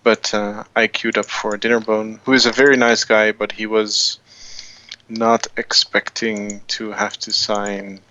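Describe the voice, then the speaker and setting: A man's voice: lowish voice, level tone, measured pace, bright, forceful tone, muffled recording. A man on a podcast explaining something to listeners, hesitating with fillers along the way. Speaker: podcast co-host. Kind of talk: casual podcast chat.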